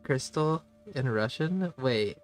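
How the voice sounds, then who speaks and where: A man streaming a game live, thinking aloud in a slow, halting way and sometimes spelling words out letter by letter. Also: medium pitch, animated, faint music behind. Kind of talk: casual live gameplay commentary.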